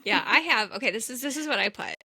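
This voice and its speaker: This woman has a bright, ringing voice that comes across dry and close on the mic. She chats casually as a podcast co-host, retelling a film's backstory with lively, chatty enthusiasm. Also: a little high, fast, breathy edge, no room sound. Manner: animated storyteller, chatty. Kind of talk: casual chat, film recap.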